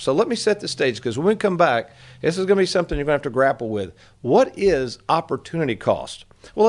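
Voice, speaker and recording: Folksy guy in his 50s on a money radio show, chatty, middle pitch. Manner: folksy, addresses listeners as folks. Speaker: financial advisor radio host. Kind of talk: casual radio talk.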